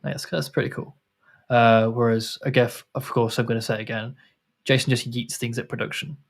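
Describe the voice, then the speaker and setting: A man's voice: mid-range voice, fairly even intonation, fairly quick, gravelly. A man hosting a casual livestream chat over a video call, rambling with many restarts and fillers. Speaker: host.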